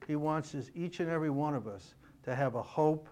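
A man's voice: fairly high pitch, warm tone. Man preaching with a strained voice. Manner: halting, with fillers. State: losing his voice. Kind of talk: sermon.

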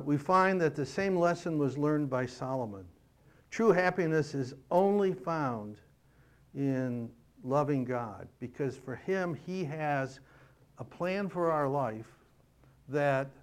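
A man preaching a sermon in a halting way with fillers, his voice worn and strained. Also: medium pitch. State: losing his voice.

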